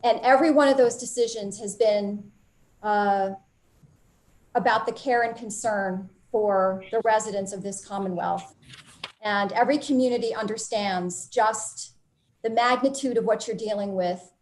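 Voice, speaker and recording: A woman city mayor giving formal, measured remarks of gratitude at a press event. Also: medium pitch, darkish tone, poor audio.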